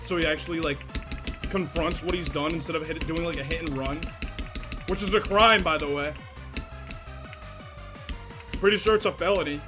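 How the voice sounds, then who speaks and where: A man's voice: a little high, moderate pace, pauses often, music in the background. A young man casually chatting while livestreaming a game, rambling in slang and swearing freely. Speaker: game streamer.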